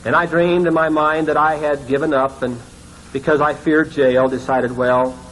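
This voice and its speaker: A male pastor with a high, light voice preaches through a dramatic story. He often sinks to hushed, ashamed tones. A faint hum of room noise sits behind him. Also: little pitch movement, normal speed, rough recording.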